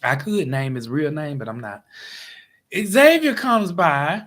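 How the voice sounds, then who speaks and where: Male vlogger, casual storyteller, exasperated and lively. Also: slow. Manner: animated, exasperated retelling with big pitch swings.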